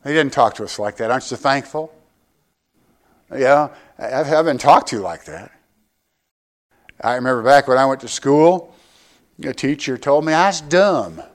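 A man's voice: medium pitch, normal speed, pauses often. An older man preaching a sermon to his church, conversational and joking, often asking the congregation direct questions. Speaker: pastor.

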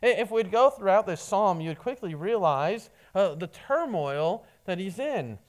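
Halting preacher, repeats words. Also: medium pitch, animated. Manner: halting, often repeats words when starting a phrase. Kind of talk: sermon.

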